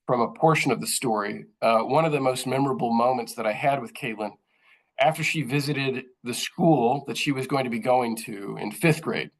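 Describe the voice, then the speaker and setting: A man's voice: medium pitch, poor audio. A man, a journalist giving a thoughtful, earnest presentation to other journalists, with frequent fillers and restarts. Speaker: journalist speaking at a training session.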